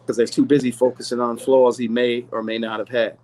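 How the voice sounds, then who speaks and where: A man's voice: medium pitch, flat delivery, brisk, a little mellow, poor audio. A man being interviewed, speaking earnestly and telling a personal story. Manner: earnest storytelling, acts out quoted voices. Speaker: rapper's manager, interview guest. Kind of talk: candid interview conversation.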